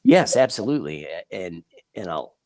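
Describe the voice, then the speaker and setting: A man, an author and journalist, talking reflectively in an interview, pausing often with fillers. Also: sits low, sing-song, mellow, no room sound. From Kansas City, United States. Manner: reflective, halting with many fillers. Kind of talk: interview conversation.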